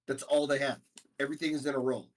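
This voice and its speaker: A man's voice: medium pitch, flat delivery, fast. A man co-hosting a podcast, laid-back and laughing as he tells stories. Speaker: podcast co-host. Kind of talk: casual comedic podcast chat.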